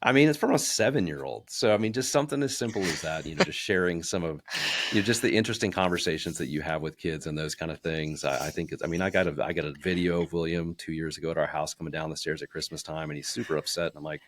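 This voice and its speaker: A man's voice: very deep voice, quick pace. A man in his thirties, a podcast co-host in casual chat, talking in loose runs with fillers and restarts. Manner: chatty, many fillers and restarts, acts out quotes. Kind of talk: casual podcast chat about personal branding.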